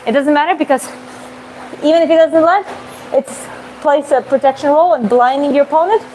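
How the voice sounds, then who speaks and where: In a gym, a woman who coaches boxing takes live viewer questions while hitting combinations on a bag, talking easily and adding a quick "boom" for each strike. She sounds a little mellow, and the rough recording has a bit of hiss or hum.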